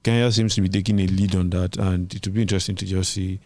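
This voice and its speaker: A man's voice: low-pitched, steady tone, fast, darkish tone, no room sound. A man co-hosting a tech podcast, thinking aloud in a casual, hesitant way. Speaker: podcast co-host.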